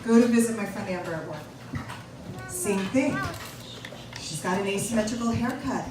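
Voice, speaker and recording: A woman doing a stand-up comedy set in a small coffee shop, playfully teasing the crowd with big, lively swings in her delivery. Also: medium pitch, moderate pace. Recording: echoey room taped from far off with noise.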